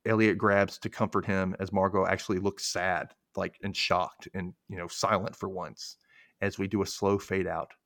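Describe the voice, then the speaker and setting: A man's voice: low-pitched, flat delivery, normal speed, fairly bright tone, no room sound, studio quality. A young man hosting a podcast, casually recapping a TV episode and acting out characters' lines in exaggerated voices. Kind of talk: casual chat.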